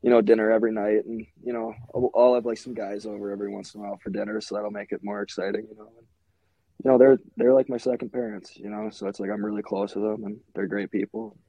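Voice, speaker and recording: A man's voice: fairly low pitch, steady tone, fast talker, dark tone, husky, no echo. A young man from Minnesota, a hockey goalie, talking in a laid-back casual way as a podcast guest, full of "like" and "you know". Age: young adult.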